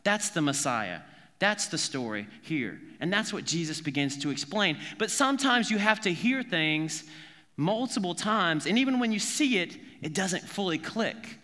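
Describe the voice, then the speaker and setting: Bright-voiced preacher man in a reverberant hall. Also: sits high, very animated, normal speed. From South Carolina. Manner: earnest, informal storytelling with frequent restarts. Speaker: pastor. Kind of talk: conversational sermon.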